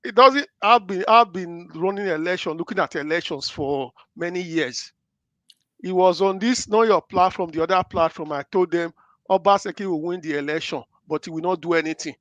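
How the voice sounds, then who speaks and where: A man's voice: high-pitched, normal speed, a bit bright, no room sound, lo-fi sound. A man giving political commentary in an assertive, lecturing way. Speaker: guest commentator.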